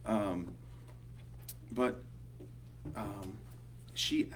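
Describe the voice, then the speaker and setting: A man's voice: lowish voice, very slow. A man with a Southern accent leading a small group Bible study, talking casually and rambling, with lots of ums and "you know". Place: small group meeting room. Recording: distant mic with faint hum.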